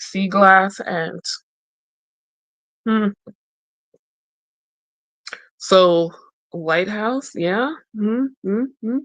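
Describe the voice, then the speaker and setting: A woman talks slowly and unhurriedly into a close microphone, in a dry room with no echo. She reads each card's short blessing aloud. Then she thinks aloud about the picture, trailing off and starting again. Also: mid-range voice. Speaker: tarot and oracle deck reviewer. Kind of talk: casual deck walkthrough. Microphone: close mic.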